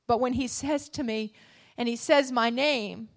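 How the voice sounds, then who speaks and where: A woman preaching a sermon to a church congregation, asking the room questions and swinging from quiet, low passages to shouted high points. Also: measured pace. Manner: call-and-response preaching, swinging between soft low passages and shouted peaks.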